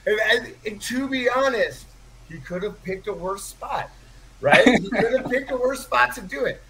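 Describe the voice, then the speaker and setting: A man's voice: very high voice, moderate pace, slight background noise, low-quality recording. A man telling a rowdy bar story in casual chat, swearing and laughing along. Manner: animated storyteller, profane, laughs mid-story.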